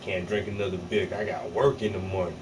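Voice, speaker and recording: A man's voice: low voice, fairly even intonation, fairly quick. A man painting on a livestream, bantering with his chat in a joking, profane, teasing way. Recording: slightly distant mic, faint air-conditioner hum.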